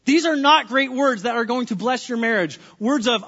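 A high-pitched male pastor preaches in a church sanctuary, dropping to soft, earnest tones and then rising into loud, joking bursts. The recording sounds dull and lo-fi. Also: big pitch swings, moderate pace, hardly any pauses, husky. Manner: dynamic preacher, swings from hushed to loud and playful. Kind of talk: sermon.

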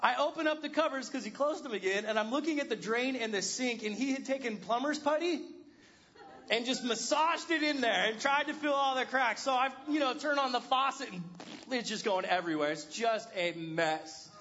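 A man's voice: very high voice, brisk, bright, forceful tone, dull audio. A man in his thirties preaching a sermon, telling a funny home-repair story with self-deprecating humor. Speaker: pastor.

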